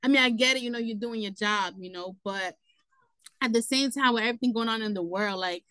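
A young woman, speaking on the higher side with a bright, forceful tone. She tells her story in easy, animated talk, laughing often and filling gaps with "you know". The sound is dry and close, with little room. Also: fairly quick, smooth, no echo, poor audio. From New York City. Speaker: guest. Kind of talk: casual personal storytelling.

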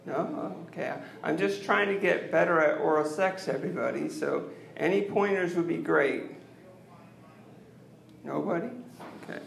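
A man doing an awkward, self-deprecating open-mic stand-up set into a handheld mic on a club stage, leaving long pauses. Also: fairly high pitch, creaky, crowd noise. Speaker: stand-up comedian. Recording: roomy club sound.

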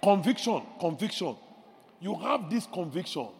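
A male pastor preaching a sermon, animated, shouting decrees and acting out little voices of the people he describes. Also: high-pitched, moderate pace, creaky, in a large hall, a little hiss or hum.

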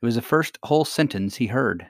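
A man narrating a storybook aloud in a steady, even read. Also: medium pitch, a little fast, dry recording, studio quality. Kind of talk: storybook reading.

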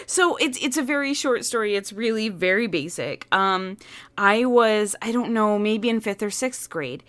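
A woman's voice: medium pitch, normal speed, fairly bright tone, dry recording. A woman co-hosting a casual chat, telling a rambling story with playful word choices. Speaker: podcast co-host.

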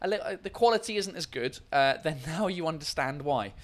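A man's voice: fairly high pitch, expressive, brisk. A man hosting a casual live-stream podcast, rambling and swearing freely as he chats from a hot room with a fan running. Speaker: podcast and livestream host.

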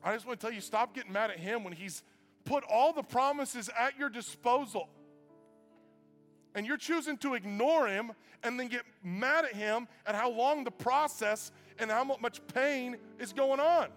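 Male pastor, high voice, animated self-mocking sermon, live church hall with long reverb. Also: normal speed, soft background music. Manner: animated and self-mocking, swings from quiet asides to loud shouts.

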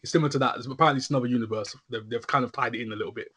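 A man's voice: mid-range voice, rapid-fire, breathy edge. A man chatting casually and rambling animatedly, often checking in with his listener. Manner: rambling, animated, frequent "you know what I'm saying". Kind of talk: casual chat.

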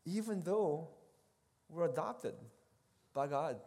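Speaking slowly in a voice on the high side, a middle-aged man who teaches at a seminary delivers a relaxed, lively talk at a retreat. He shifts from loud to soft while acting out the voices he quotes, and the room adds long hall reverb.

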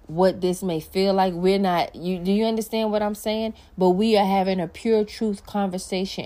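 A woman hosting a Christian podcast, talking casually about faith and reading scripture aloud, using slang as she goes. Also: mid-range voice. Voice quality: animated, conversational preaching with slang. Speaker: podcast host.

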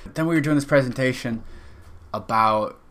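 A young man talks alone into a podcast mic, his voice bright and forward. He wanders from one thought to the next, dropping curse words and jokes at his own expense without ever settling down. The tone stays loose and unscripted throughout. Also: mid-range voice, moderate pace. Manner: rambling, profane, joking. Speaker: podcast host. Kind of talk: casual solo podcast monologue.

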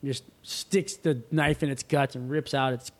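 The guest, a man who surfs, speaks with medium pitch at a measured pace while telling a wild story in relaxed chat. Animated throughout, he mimics the people he quotes and swears without restraint.

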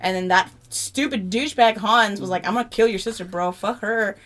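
A young woman co-hosting a casual podcast, telling stories in an animated way and swearing a lot. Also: medium pitch, brisk. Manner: animated storytelling, heavy swearing. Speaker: podcast co-host. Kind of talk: casual chat.

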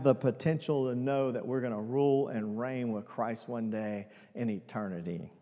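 A man's voice: mid-range voice, moderate pace, hardly any pauses. Man preaching in a reverberant hall. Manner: dynamic preaching, swings between hushed and loud. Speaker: pastor. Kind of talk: sermon.

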